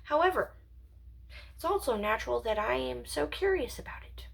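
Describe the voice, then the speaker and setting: A woman's voice: sits high, lively intonation, normal speed, vocal fry, husky. A woman alone at home, rambling through a philosophical monologue to her channel, musing aloud and drifting into whispers and giggles. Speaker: channel owner.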